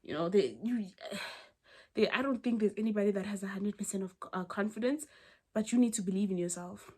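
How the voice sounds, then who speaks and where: A young woman from South Africa giving casual advice to the camera, emphatic and animated, full of rhetorical questions and restarts. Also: mid-range voice, fairly quick, husky. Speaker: advice vlogger.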